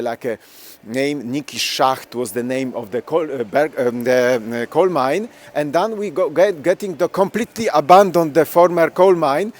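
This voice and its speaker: A man, a Polish speaker, leads a live walking tour through town streets, filming as he goes. His English comes in broken, hesitant bursts with a Polish accent, full of restarts and searching for words. His pitch sits in the middle of the male range. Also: darkish tone. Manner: hesitant, halting non-native English with many restarts. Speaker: tour guide.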